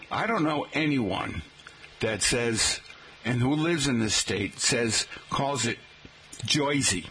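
Male teacher with an average-pitched voice, folksy talk-radio delivery, spells words out and says "folks" a lot. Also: fairly bright tone, slight background noise, poor audio. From Boston area, Massachusetts. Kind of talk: talk-radio style lesson on regional pronunciation.

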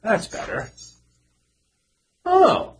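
A man's voice: drawn-out words, a little hiss or hum. An actor playing a cocky, sarcastic young male shop clerk who just lost his job, in a 1940s radio play. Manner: teasing, sarcastic and persistent.

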